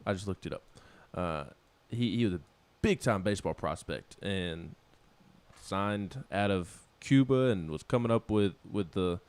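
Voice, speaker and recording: A man's voice: sits low, measured pace, darkish tone, smooth. A man co-hosting a casual sports talk show, rambling with many restarts and laughing at himself. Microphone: studio microphone.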